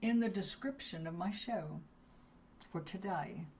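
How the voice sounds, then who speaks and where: Female live-stream host, calm and chatty, slow with pauses; slightly distant mic, faint background noise. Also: fairly low pitch. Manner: soothing, chatty and unhurried, with long pauses. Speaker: livestream host reading cards for viewers. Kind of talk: relaxed live chat with viewers.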